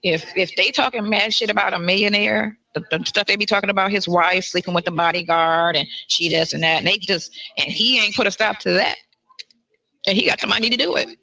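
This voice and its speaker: A woman's voice: medium pitch, fairly quick, pushed and bright. A woman on a phone call, outspoken and supportive, swearing freely. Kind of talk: casual phone conversation.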